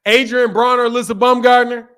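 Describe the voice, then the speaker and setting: A man's voice: very high-pitched, pushed and bright, clean tone. A man with a Philadelphia accent hosting a casual boxing livestream, reading super chats in a playful way and repeating phrases.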